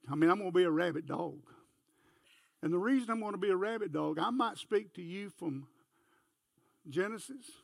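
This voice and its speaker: High, gravelly-voiced folksy preacher. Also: male voice, no room sound, studio quality. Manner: homespun, anecdotal, talks to the congregation directly. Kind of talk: folksy sermon with storytelling. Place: church sanctuary.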